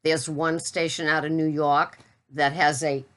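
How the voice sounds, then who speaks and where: A woman with a Boston accent talks casually to her viewers as a keto coach. Her voice sits low, and she speaks in a loose, halting way that stops and restarts mid-thought. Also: level tone, a bit bright. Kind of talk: casual vlog chat.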